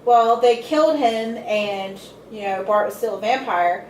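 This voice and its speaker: A woman's voice: a little high, a little slow, a little mellow. A woman co-hosting a casual chat, animatedly retelling scenes and acting out the quotes. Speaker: podcast co-host. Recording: roomy, distant mic with faint noise.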